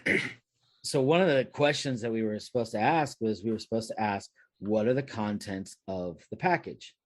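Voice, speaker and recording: A man's voice: fairly low pitch, moderate pace, no room sound. Dry-sounding rambling male podcast host. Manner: rambling, with many fillers and restarts. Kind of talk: casual chat, storytelling.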